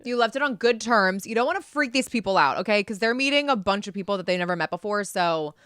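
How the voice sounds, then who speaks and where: A woman's voice: medium pitch, animated, fast, a bit bright, smooth, no echo, studio quality. A woman co-hosting a comedy podcast over a video call, chatting casually and reassuring her co-host. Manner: supportive, reassuring. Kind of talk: casual chat.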